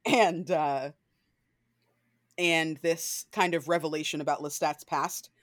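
A woman chatting casually as a podcast guest, animated and blunt, swearing freely. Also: sits low, slow, no echo, clean studio sound. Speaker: guest co-host.

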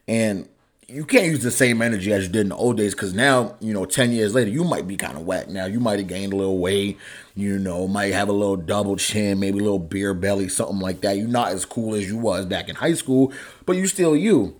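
A man's voice: lowish voice, brisk. A young man hosting his own podcast, talking in a casual, profane, heated way, his voice climbing when he gets angry. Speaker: podcast host. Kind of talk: casual solo podcast rant.

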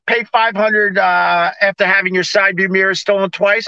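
A man rants into his phone from the driver's seat. His voice sits high and bright, and the sound is dry and a bit dull and lo-fi. He is sarcastic and fed up, and he mimics everyone he quotes. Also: flat delivery, moderate pace, few pauses, smooth, dry recording. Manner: exasperated, sarcastic, acts out both sides of conversations. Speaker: vlogger on a live stream. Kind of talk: ranting casual monologue. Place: parked car on a city street.

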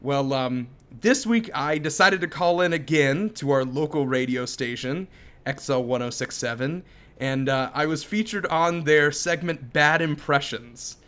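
A man's voice: fairly high pitch, unhurried, bright, forceful tone, clear, resonant tone. Upbeat chatty man co-hosting a podcast. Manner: upbeat, chatty, easily amused. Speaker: podcast co-host. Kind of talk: casual chat.

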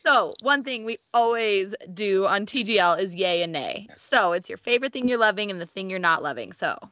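A woman's voice: mid-range voice, animated, brisk, fairly bright tone, no room sound, highs cut off. A woman co-hosting a podcast in casual chat and leading the guest into a regular segment. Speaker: podcast co-host.

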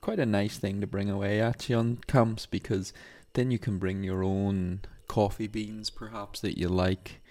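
A young adult man with a very low voice chats through a casual vlog monologue. He rambles and leans on fillers as he talks. He is recorded indoors in an apartment. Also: steady tone, moderate pace, few pauses, a little mellow. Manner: rambling, chatty, many fillers. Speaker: marathon runner.

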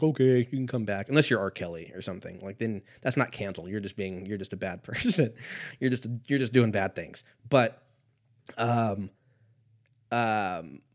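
A man in his thirties, a little stoned, hosting a show in a meandering, profane comedic monologue that drifts from topic to topic. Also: on the low side. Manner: profane, meandering, laughs at own jokes. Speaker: podcast host.

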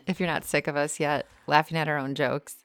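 Smooth, low-voiced woman podcast co-host. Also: fairly even intonation, fairly quick, dry recording, faint music behind. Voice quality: frank, laughs easily. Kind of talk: casual podcast chat.

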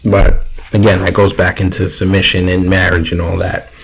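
Male host in a casual argument, low-ish voice, keeps restarting. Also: little pitch movement, normal speed, vocal fry, slight background noise, low-quality recording. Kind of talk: casual debate.

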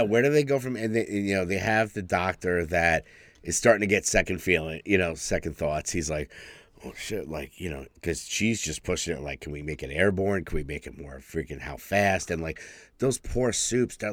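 A man's voice: low-pitched, moderate pace, no echo. A man co-hosting a podcast in casual chat, joking crudely and swearing freely. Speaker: podcast co-host.

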